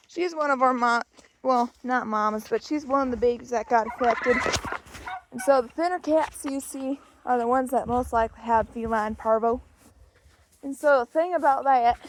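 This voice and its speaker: A young woman with a high voice and a put-on Southern drawl talks slowly and casually as she walks around outdoors. She is a little out of breath, and faint noise sits under her voice. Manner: chatty, coos at animals in a high baby voice. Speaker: farm vlogger. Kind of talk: casual walk-and-talk farm vlog. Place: outdoors on a farm.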